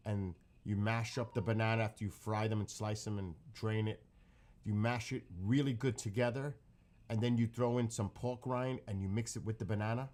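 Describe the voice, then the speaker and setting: Low-voiced man chatting about food. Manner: excitable, keeps repeating how hungry he is; rambling, self-correcting step-by-step explanation. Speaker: streamer reacting to his own cooking clip. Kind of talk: casual chat and recipe explanation.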